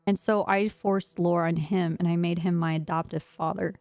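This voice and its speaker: A woman's voice: on the low side, steady tone, normal speed, a little mellow, no room sound. A woman streamer chatting casually while gaming, telling a rambling story and laughing often. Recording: faint music behind.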